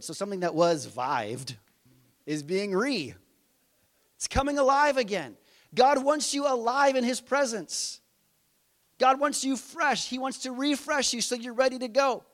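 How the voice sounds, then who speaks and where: A middle-aged man preaching a conversational sermon, asking his listeners rhetorical questions. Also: very high-pitched. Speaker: pastor.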